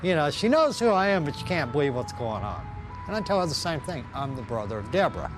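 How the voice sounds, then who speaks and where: A man's voice: fairly high pitch, big pitch swings. Earnest man giving testimony. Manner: earnest, slow and heartfelt. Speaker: testimony speaker. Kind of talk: personal testimony. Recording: music bed underneath.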